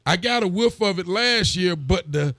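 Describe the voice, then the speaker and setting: Animated and fairly bright, this man's high-sitting voice moves at normal speed in clean studio sound with no room noise. He's a county sheriff who hosts a local show, casually reading viewer comments aloud and warmly greeting viewers by name.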